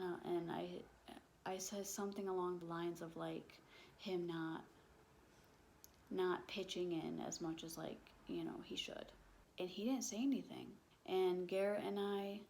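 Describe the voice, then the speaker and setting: A young woman telling a personal story as a vlogger, halting and emotional, leaning on "like" as filler and swearing when upset. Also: fairly low pitch, darkish tone, a little hiss or hum.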